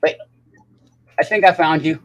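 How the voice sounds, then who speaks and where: Male livestream host, slightly high voice, loose profane rambling chat. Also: measured pace, dry recording, muffled recording.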